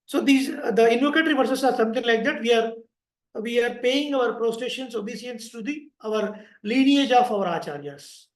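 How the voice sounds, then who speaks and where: A man with an Indian English accent leading an online sloka class, chanting slowly and explaining pronunciation with patience. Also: extremely high pitch, reverberant, rough recording. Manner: slow drawn-out chanting, patient spelling-out of sounds. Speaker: chanting teacher.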